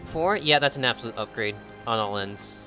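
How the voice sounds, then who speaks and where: Very bright-voiced gamer man. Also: medium pitch, animated, a little fast, soft background music. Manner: eager, hesitant with fillers. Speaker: game streamer, player. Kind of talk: casual gaming chat.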